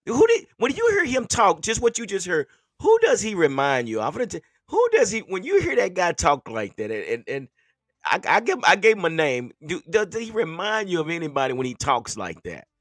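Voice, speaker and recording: A man hosting a casual sports podcast, animated and laughing between phrases. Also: high-pitched, a little fast, no room sound, clean studio sound. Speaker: podcast host.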